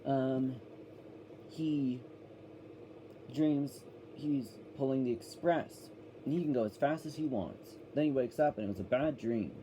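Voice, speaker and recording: A man's voice: medium pitch, measured pace, long pauses, dark tone, a little hiss or hum, poor audio. A man giving a casual, rambling review of a children's cartoon, often correcting himself as he goes.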